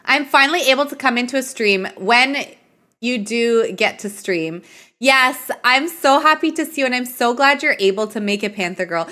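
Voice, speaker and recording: A woman's voice: a little high, expressive, moderate pace, pushed and bright. A tired woman streaming a life-simulation game live, chatting casually, reading game options aloud and greeting viewers.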